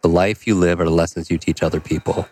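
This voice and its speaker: A man telling a personal story as a podcast guest, animated and full of "like" and "you know". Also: sits low, quick pace, breathy edge. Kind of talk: storytelling in a conversational interview.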